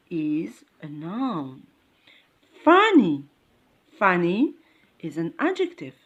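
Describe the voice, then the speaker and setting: A woman leads an English class in English, dwelling on every word at a very slow pace. Her pitch swings widely as she stresses examples and keeps asking the class if it is clear. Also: muffled recording. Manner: slow, repetitive, checks understanding with "okay?"; non-native English phrasing. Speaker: English teacher. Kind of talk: classroom lesson.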